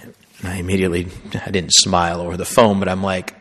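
A man who is a Catholic priest, giving a sermon in a slow, conversational storytelling way. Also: low-pitched, monotone, a bit bright. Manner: conversational storytelling preaching, slow deliberate phrasing. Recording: long hall reverb.

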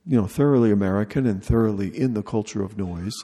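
A long reverb from the large hall surrounds this retreat leader's voice, which is dark, mellow, gravelly, and on the low side. He speaks in a slow, deliberate way and keeps repeating short phrases.

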